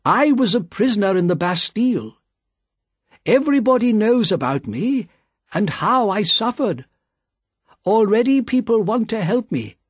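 A man voicing an older male doctor in an audiobook, measured and reassuring. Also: sits high, very animated, husky, dry recording, clean studio sound, voice pushed up, heavily acted. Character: older male doctor, calm former prisoner.

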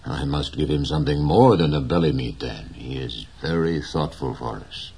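A man voicing a gentle, dignified old fisherman in an audiobook reading, slow and measured. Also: a bass voice, slightly rough, full character voice.

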